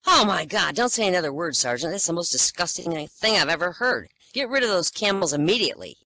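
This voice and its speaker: A man's voice: high voice, sing-song, fairly quick, bright, forceful tone, full character voice. A man voicing an outraged, prim young army officer in a spoken joke.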